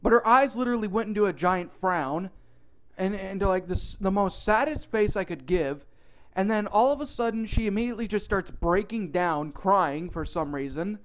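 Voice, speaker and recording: A man narrating a comic storytime in an animated, profane, exaggerated way. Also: high-pitched, moderate pace.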